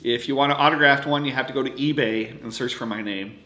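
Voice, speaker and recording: A man chatting casually on his vlog, halting with lots of fillers, losing his voice a little. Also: medium pitch, bright, forceful tone, roomy sound, slight background noise. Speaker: autograph collecting vlogger. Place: indoors at home at night.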